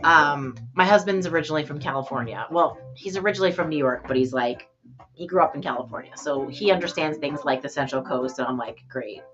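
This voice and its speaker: A woman's voice: sits low, fast talker. A middle-aged woman hosting a live stream, chatting in a bubbly way and greeting viewers by name. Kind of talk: casual live-stream chat. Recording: dull lo-fi sound with faint music.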